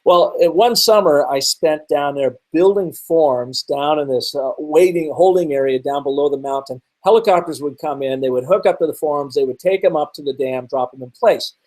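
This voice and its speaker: A middle-aged man from the Seattle area presents a webinar in a slightly higher-pitched voice. He teaches through energetic storytelling and keeps asking his listeners rhetorical questions. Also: moderate pace, few pauses, poor audio. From Seattle, Washington area.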